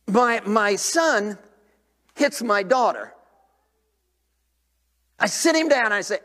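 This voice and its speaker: Preaching a revival sermon, an older man speaks in an unusually high voice, moving from ringing shouts to near whispers. The church sanctuary lends a long, lingering reverb. His delivery is animated and slow, with frequent pauses.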